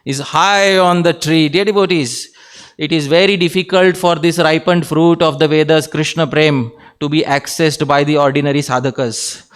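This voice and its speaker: Speaking at a normal pace in a slightly high voice, this man teaches a devotional scripture class; his intonation is fairly even and his tone clean. He draws his audience in with questions, keeps addressing them fondly as "dear devotees," and adds soft laughs between points.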